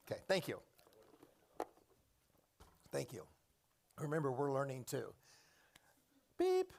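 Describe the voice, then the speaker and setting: A man's voice: medium pitch, creaky. A middle-aged man, a program coordinator and former teacher, giving a chatty, digressive classroom orientation and calling on students by name.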